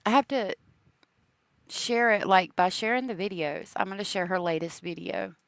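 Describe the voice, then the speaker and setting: A woman's voice: medium pitch, steady tone, moderate pace, vocal fry, no room sound. A woman hosting a casual true crime livestream, chatting with viewers and laughing often.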